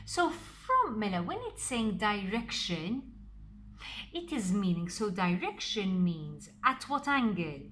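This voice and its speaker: Slow, lively-voiced woman teaching maths. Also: mid-range voice, slight background noise. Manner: slow, step-by-step, stresses key words. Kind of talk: recorded maths lesson explanation.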